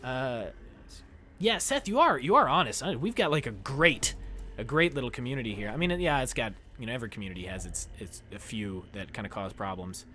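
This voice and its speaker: Excitable young male game streamer. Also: medium pitch, a little fast, a little hiss or hum. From United States. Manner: excitable, jokey, squeals when pleased. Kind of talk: casual live-stream chat while gaming.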